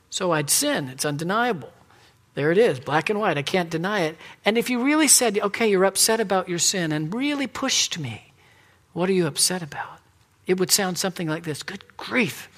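A preacher delivering a confessional sermon, swinging between loud emphatic points and soft, near-whispered asides. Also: medium pitch.

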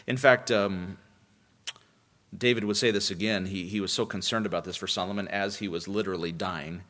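A man's voice: deep voice, steady tone, a little fast, a bit bright. A man preaching a sermon as pastor, emphatic and repeating key lines for emphasis.

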